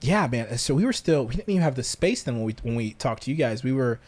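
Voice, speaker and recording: A man hosting a podcast, telling stories in an animated, joking way in casual chat. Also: medium pitch, fast talker. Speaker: podcast host.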